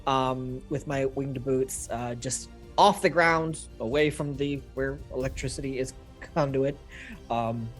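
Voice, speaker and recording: A man's voice: medium pitch, steady tone, a little slow, soft background music. A man playing a tabletop game, easygoing as he describes spells and adds up damage aloud. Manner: easygoing, talks through dice math aloud. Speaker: player.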